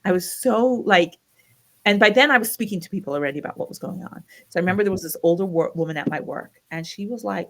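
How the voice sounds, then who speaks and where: A fast-talking, lowish-voiced middle-aged American woman shares her personal story as a guest in an interview, animatedly acting out the voices of those she quotes.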